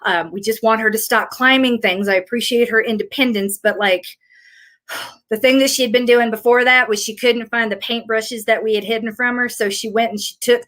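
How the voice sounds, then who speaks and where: This is a woman from rural Tennessee with a Southern lilt, talking through a casual live Q&A as a fitness coach. Her voice sits a little high, and she rambles in an easy, self-mocking way. She sounds middle-aged. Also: fairly even intonation, normal speed, a bit bright. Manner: chatty, rambling, self-deprecating.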